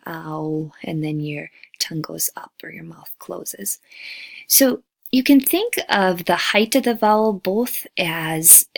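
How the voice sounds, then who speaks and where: A woman, an English as a second language teacher, giving a recorded lecture and slowly modeling vowel sounds. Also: lowish voice, creaky, dry recording.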